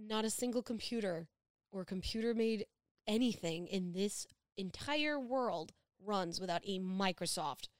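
Woman podcast co-host, excitable and joking, mid-pitched, dry close sound. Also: a little slow, dry recording. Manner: excitable, jokey, laughs often. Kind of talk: casual chat.

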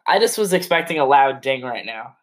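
A young man co-hosts a casual podcast chat, rambling with lots of "like" and restarts and easily chuckling at his co-host. His mid-range voice is expressive, a little fast, and fairly bright.

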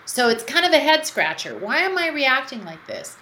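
Interview guest, female, earnest storyteller; higher bright voice with faint background noise. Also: sing-song, normal speed, reverberant. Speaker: guest speaker. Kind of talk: conversational interview.

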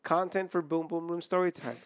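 A man with a slightly high voice hosts a casual podcast. He tells crude stories full of profanity and breaks into laughter as he talks. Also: fairly even intonation, fairly quick, smooth. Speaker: podcast host. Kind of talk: casual storytelling chat.

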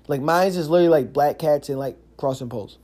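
A man with a slightly higher voice talks through a casual solo podcast. He tells stories in loose, slangy street talk, swears often, and keeps saying "yo" and "like". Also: quick pace. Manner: animated, slangy storytelling with frequent "yo" and "like"; curses freely. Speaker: podcast host.

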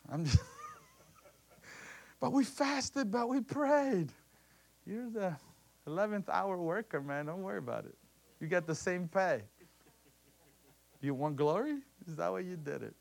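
A man preaching a sermon, telling a scripture story with animated bursts and acted-out voices. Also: high-pitched, measured pace, creaky, long pauses.

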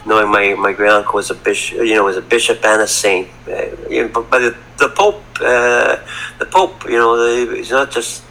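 Rambling storytelling man, bright voice. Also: fairly low pitch, moderate pace, poor audio. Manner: rambling, repeats words, laughs while telling. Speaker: podcast guest. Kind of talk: casual storytelling. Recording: faint background ambience.

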